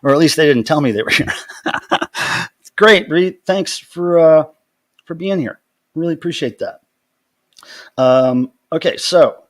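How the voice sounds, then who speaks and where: A man's voice: fairly high pitch, measured pace, long pauses. A man hosting his weekly livestream from home, casually greeting viewers by name and rambling through announcements. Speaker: livestream host.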